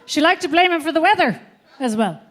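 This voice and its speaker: High-voiced brash woman doing stand-up. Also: a little fast, a little hiss or hum. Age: 50s. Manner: brash, profane, animated storytelling. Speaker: stand-up comedian. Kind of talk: stand-up comedy storytelling. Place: theatre stage before an audience.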